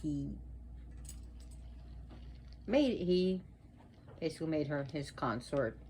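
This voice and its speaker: A woman presenting a casual educational video at home, talking slowly and deliberately and repeating words for emphasis. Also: low voice, lively intonation, dark tone, a little hiss or hum. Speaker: video presenter on mythology and witchcraft. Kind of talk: casual educational talk to viewers.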